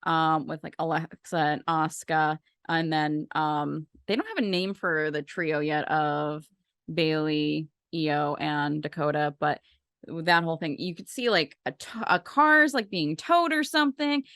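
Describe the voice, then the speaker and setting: This woman co-hosts a podcast of casual wrestling chat, rambling and filling her talk with lots of fillers. Her low voice moves a little slowly, with a fairly bright, smooth tone, captured in a dry, clean studio recording.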